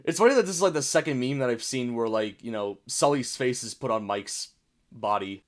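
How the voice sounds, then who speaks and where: A young American man hosts a casual meme reaction video, chatting and reading captions aloud. His voice sits at an ordinary middle pitch, and he often stops to wonder out loud what a joke means. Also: lively intonation, fairly quick. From United States. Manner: chatty, puzzled, reads captions aloud, bursts of laughter. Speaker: YouTube reaction host.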